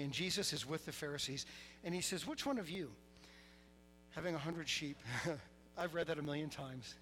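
A middle-aged man preaching a sermon, telling stories with lively quoted voices and laughter. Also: a little high, poor audio. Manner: animated storytelling, laughing, voicing quotes. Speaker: pastor.

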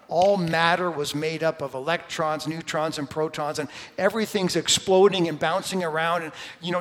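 A middle-aged man preaching with a fairly high voice and emphatic stresses that climb in volume. His words ring out with a long reverb, as if in a big hall. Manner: emphatic, rising to loud stresses on key words. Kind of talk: sermon.

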